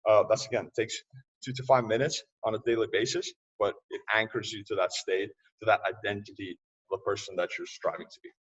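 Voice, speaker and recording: Husky man on a muffled distant line. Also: fairly low pitch, fairly even intonation, a little fast, a bit bright. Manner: loose, restarts often, laughs easily. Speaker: podcast guest. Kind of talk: casual interview talk. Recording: distant, muffled remote audio.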